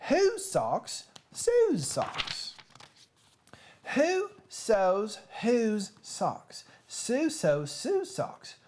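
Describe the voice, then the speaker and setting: A pushy male storybook fox, read by a woman, coaxes his friend through tongue twisters in a put-on Southern US drawl. The delivery is slow and sing-song, the pitch bounding high and low. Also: wildly swooping pitch, darkish tone, a little hiss or hum, full character voice. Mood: coaxing.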